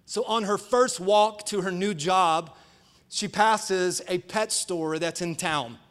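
High-voiced, emphatic preaching man. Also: slow pace, a bit bright. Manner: emphatic, preacherly, playful storytelling. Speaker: pastor. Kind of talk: sermon. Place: church, live service.

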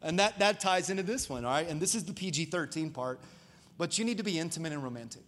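A pastor preaching a sermon to a congregation, talking casually and joking with the crowd. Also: male voice, on the high side, quick pace, a little hiss or hum. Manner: animated and conversational, jokes with the congregation. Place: church auditorium before a congregation.

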